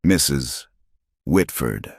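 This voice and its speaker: A man doing a gentle old Norwegian farmer. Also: extremely low pitch, expressive, very slow, gravelly, husky, no echo, clean studio sound, full character voice. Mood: earnest. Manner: broken English, gentle.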